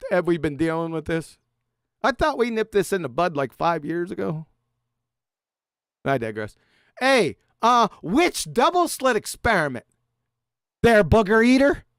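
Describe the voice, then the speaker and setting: A man ranting sarcastically at a critic, swearing heavily and swinging between loud jabs and low mutters. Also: clear, resonant tone, no echo, clean studio sound. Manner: sarcastic, insulting, heavy swearing. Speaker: YouTube debunker. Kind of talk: profane mocking rant reacting to a critic.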